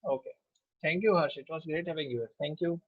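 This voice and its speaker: A man's voice: fairly high pitch, a little fast, husky, no room sound, highs cut off. A man with an Indian accent teaching an online class, mixing Hindi and English, calling out names for attendance with frequent fillers. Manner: takes attendance name by name, with fillers. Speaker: instructor.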